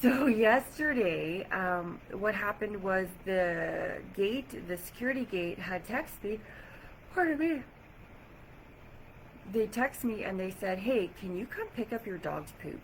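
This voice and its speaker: A woman vlogging to camera, chatty and animated as she retells an irritating day, with lots of "like". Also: medium pitch, a little slow, few pauses, a little hiss or hum, low-quality recording. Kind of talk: casual storytelling to camera. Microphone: camera or phone mic.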